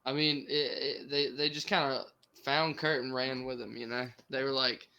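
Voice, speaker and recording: A man's voice: medium pitch, flat delivery, normal speed, bright, forceful tone, clean tone. A young man chatting casually on a podcast call, agreeable and slangy. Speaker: podcast co-host.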